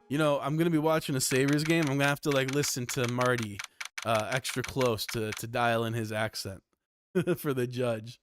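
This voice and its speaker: A man's voice: medium pitch, fairly even intonation, moderate pace. A young Canadian man giving casual, profane commentary over a video game, laughing often and rambling. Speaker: let's play host. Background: game music.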